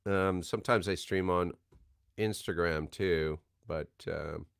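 A man's voice: low voice, takes it slowly, creaky, clean tone, no echo, clean studio sound. A man hosting a signing livestream, talking in a rambling, chatty, self-deprecating way at a desk microphone. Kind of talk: casual livestream chat.

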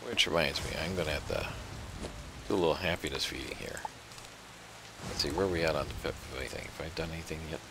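A man's voice: a bass voice, fast talker, long pauses, noisy background. A man chatting easily with his partner while they play an online game at home, musing aloud and humming. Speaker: gamer co-playing online game. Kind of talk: casual gameplay chat.

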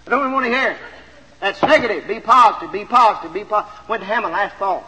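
A man with a very high, bright, forceful voice preaches a sermon. He tells a story with lots of animation and urges his listeners on. The sound is an old 1970s LP recording from a church auditorium, with a long reverb and faint hiss. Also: fast.

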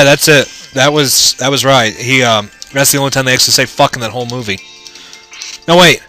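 A man's voice: on the high side, sharp tone, clear, resonant tone. A man giving casual, rambling, profane commentary while playing through a video game. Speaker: let's play gamer.

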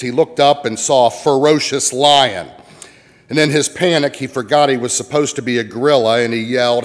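A pastor from the American Midwest preaching a sermon, telling folksy stories with jokes. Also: male voice, mid-range voice, normal speed. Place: church sanctuary. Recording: long church reverb.

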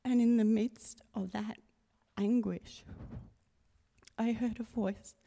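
A middle-aged woman speaks slowly and earnestly into a handheld mic, telling her story to a church congregation. Her voice sits low and dark, with a gravelly fry running through it. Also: steady tone. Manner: slow, earnest, quiet and intimate. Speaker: baptism candidate sharing testimony. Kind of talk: personal testimony read to a congregation. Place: church sanctuary. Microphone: handheld microphone.

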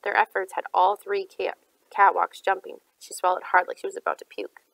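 A woman narrating a novel aloud in a steady, even storytelling read. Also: mid-range voice, brisk, vocal fry, no echo, poor audio. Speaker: audiobook reader. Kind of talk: audiobook narration.

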